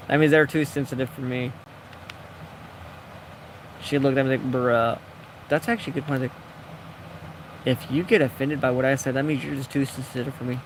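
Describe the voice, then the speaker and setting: Over a little hiss or hum, this gaming video creator's mid-range, fairly bright voice carries a casual, meandering, joking story while he builds in a game and acts out quoted people.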